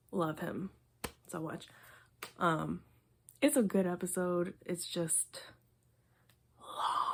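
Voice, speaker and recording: Young woman, casual host, husky and a little raspy, chatty rambling delivery. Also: fairly low pitch. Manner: rambling, many fillers, drops to soft asides. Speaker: video host. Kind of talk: casual review rant.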